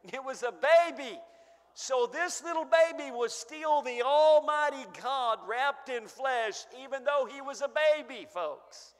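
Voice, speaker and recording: A man preaching a sermon, emphatic, swinging between booming stresses and hushed asides. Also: measured pace. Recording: long echo of a church hall.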